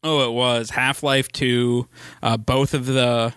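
A man's voice: mid-range voice, little pitch movement, slow, a bit bright, smooth, no echo. Teasing man chatting, dry close sound. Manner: teasing, laughs often. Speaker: podcast co-host. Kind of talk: casual chat.

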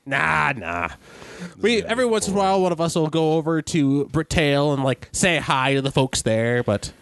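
A man's voice: a little high, big pitch swings, moderate pace, a bit bright, no echo, voice pushed up. A man voicing an elderly half-elf woman, a friendly villager, with a raised, wavering old-lady voice. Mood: welcoming.

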